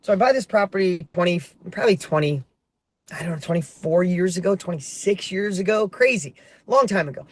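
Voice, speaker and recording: A middle-aged man talking in an animated, storytelling way from a parked car, sometimes flaring into heated emphasis. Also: sits high, a little fast. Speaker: motivational vlogger. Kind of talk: casual motivational monologue.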